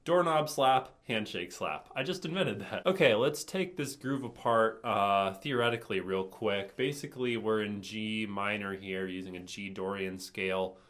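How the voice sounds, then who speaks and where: Jokey low-voiced man teaching bass. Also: moderate pace, hardly any pauses, fairly bright tone. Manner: jokey, chatty, upbeat. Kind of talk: casual music lesson.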